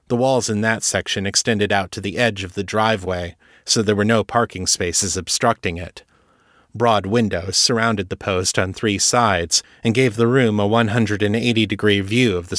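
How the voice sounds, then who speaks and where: A man narrating a serialized fiction story in a steady, even manner. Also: fairly low pitch, dry recording, studio quality. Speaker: audiobook narrator.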